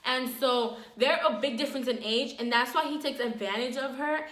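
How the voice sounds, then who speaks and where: Woman, storytime vlog, animated and filler-heavy, bright voice, roomy echo. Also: sits high, moderate pace. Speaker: storyteller, vlogger.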